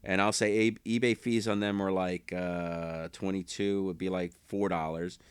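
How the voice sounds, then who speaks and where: A man's voice: low voice, little pitch movement, measured pace, clean tone, no echo. A man casually rambling to camera about things he sold online, correcting himself and chuckling as he goes. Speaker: eBay reseller vlogger.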